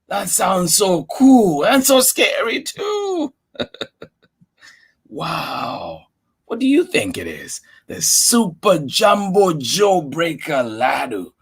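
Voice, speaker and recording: Casting: slow, lively children's storyteller, man, slightly husky, quizzes his young audience. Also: fairly high pitch. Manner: animated, asks the listeners questions. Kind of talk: reading a picture book aloud to children.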